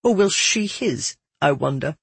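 Un narrateur qui joue un jeune noble arrogant et menaçant. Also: male voice, fairly high pitch, expressive, unhurried, gravelly, fairly bright tone, husky, dry recording, heavily acted. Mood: contemptuous. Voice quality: sneering, menacing. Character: arrogant young nobleman, cold and threatening.

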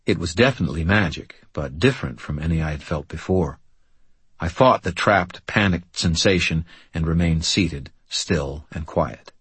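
A man narrating a first-person audiobook in a steady, understated way. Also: low voice, normal speed, husky, no room sound.

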